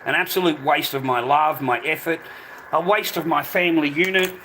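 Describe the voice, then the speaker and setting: A man's voice: fairly high pitch, moderate pace, a bit bright, slight background noise, low-quality recording. A middle-aged man ranting angrily on a live stream, swearing and saying "mate" at the end of nearly every line. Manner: swearing, repeats "mate" constantly. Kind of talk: angry live-stream rant.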